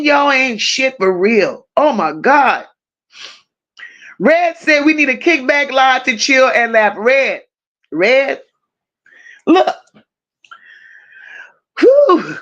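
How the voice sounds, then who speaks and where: A woman with a high-set voice hosts a casual livestream, talking slowly and taking her time. She reads chat comments aloud and answers them with profane, teasing jokes. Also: a bit bright. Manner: profane, teasing, laughing banter. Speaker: livestream host.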